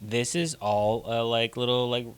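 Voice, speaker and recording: A man co-hosting a casual chat, reacting to stories with quick, jokey asides. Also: mid-range voice, smooth, no room sound. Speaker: podcast co-host.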